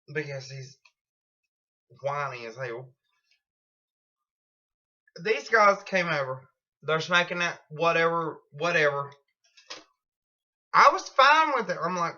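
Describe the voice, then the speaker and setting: A woman's voice: low voice, pushed and bright, lo-fi sound. A woman telling a rambling story at home in a blunt, profane, casual way. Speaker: vlogger.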